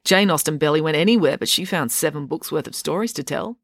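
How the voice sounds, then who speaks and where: A woman's voice: deep voice, quick pace, no echo, studio quality. A woman voicing a smirking, bookish eighteen-year-old male tutor who teases and lectures, for a storybook reading. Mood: lecturing. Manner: smirking, teasing, idealistic lecturing.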